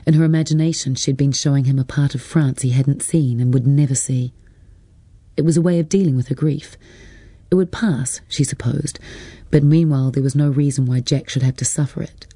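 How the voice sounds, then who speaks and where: A man reading a literary novel as an audiobook narrator, measured and even. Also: mid-range voice, husky, no echo.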